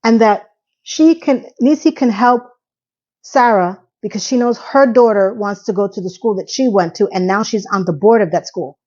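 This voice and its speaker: A woman's voice: medium pitch, normal speed, a little mellow, dull audio. A woman casually recapping a TV episode in a chatty, sarcastic, incredulous way. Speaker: TV recap vlogger.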